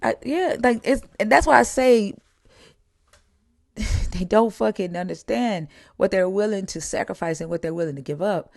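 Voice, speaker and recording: A woman's voice: medium pitch, normal speed, gravelly, no room sound, studio quality. A woman telling stories in a blunt, profane, heated way, in candid conversation.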